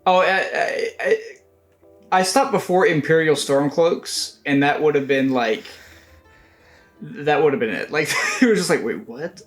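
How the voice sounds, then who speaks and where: A man's voice: on the high side, measured pace, soft background music. A young man co-hosting a screenwriting podcast, chatting in a laid-back, teasing way with casual swearing. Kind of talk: casual chat.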